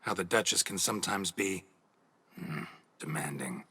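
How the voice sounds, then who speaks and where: Brief: a deep, gruff game monster hunter, terse and weary, bright clipped edge, a little husky. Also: male voice, normal speed, heavily acted. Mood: dry weary. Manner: terse, sighing, understated.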